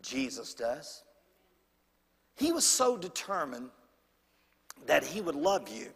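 A man preaching a sermon in church, swinging from loud and high to hushed and low. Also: very animated, takes it slowly, long pauses, husky, long reverb tail. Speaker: pastor.

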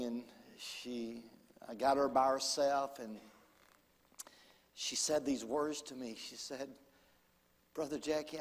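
A man preaching a sermon as pastor, swinging from loud excitement to hushed, soft storytelling. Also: mid-range voice, in a large hall. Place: church hall.

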